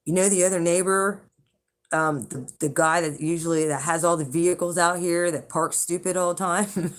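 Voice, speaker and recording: A woman with a fairly low-pitched voice tells a rambling, chatty story to her viewers. She swears freely, restarts her sentences and laughs along the way. Her delivery is loose and conversational. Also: steady tone, normal speed. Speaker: channel host, intuitive reader. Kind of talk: casual storytelling to the camera.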